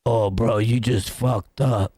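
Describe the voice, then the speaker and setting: A man from Brooklyn, New York, with a Brooklyn accent, goes on a loud, casual reaction rant, profane and boastful, packed with street slang and frequent laughter. His voice is on the low side, mellow and steady with a breathy edge, and he takes it slowly. There's no echo.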